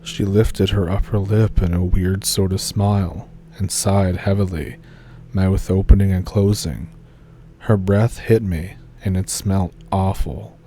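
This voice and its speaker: Guy reading a creepy story, low dark voice, pretty monotone, steady and calm. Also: slight background noise. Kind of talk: scripted horror story narration.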